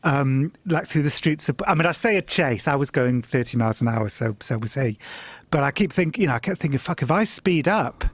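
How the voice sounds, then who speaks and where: A middle-aged man telling an anecdote in a casual chat, animated and swearing, often laughing and jumping up in pitch when he quotes people. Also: a little fast, dry recording. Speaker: guest storyteller.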